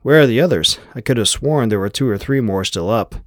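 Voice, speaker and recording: A man's voice: mid-range voice, expressive, fairly quick, dry recording, clean studio sound, lightly acted. Man voicing a strained, tense male engineer. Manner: strained, exasperated.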